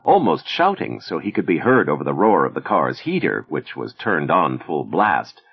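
A man narrating an audiobook in a measured, expressive storytelling manner. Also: very deep voice, slightly rough, muffled recording.

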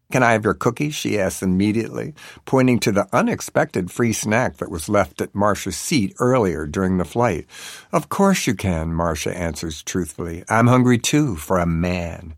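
Male audiobook narrator, low gravelly voice, wry deadpan reading, dry close recording. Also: no room sound.

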